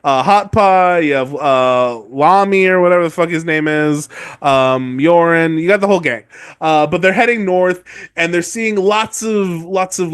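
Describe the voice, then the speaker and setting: A woman co-hosting a podcast recaps book chapters in a low, clear, resonant voice, rambling and swearing as she goes. She keeps correcting herself and acts out the characters. There's no echo on the recording.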